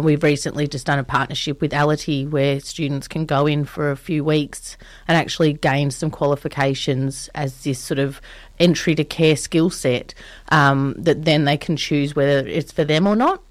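A woman's voice: deep voice, steady tone, moderate pace, no echo. A woman answering interview questions in casual chat, explaining courses in a friendly way with lots of ums. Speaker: training provider guest.

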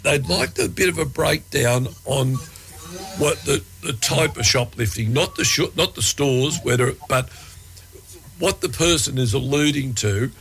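An Australian-accented man hosts a radio show from a studio, chatting casually in a halting way full of fillers and restarted sentences. His mid-range voice is gravelly and a bit bright, and the audio quality is poor.

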